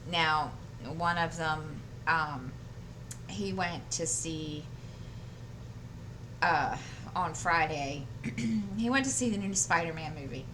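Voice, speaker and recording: A woman's voice: low voice, slow pace, long pauses, noisy background. A woman chatting casually to her channel while she crafts, rambling through a story with many fillers and restarts. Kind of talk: casual chat while diamond painting. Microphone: desk microphone.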